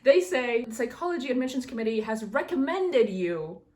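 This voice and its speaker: A young woman in her twenties vlogging from her desk at home, her voice sitting a little high. She rants and complains with biting sarcasm, and her voice jumps into sudden squeals when something annoys her. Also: very animated, moderate pace, darkish tone. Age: 20s. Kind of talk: casual vlog chat.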